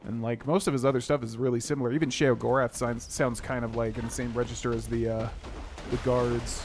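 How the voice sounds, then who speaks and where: A man's voice: medium pitch, level tone, moderate pace, background noise. A man casually chatting and rambling while he streams a video game, with plenty of "like" and "um".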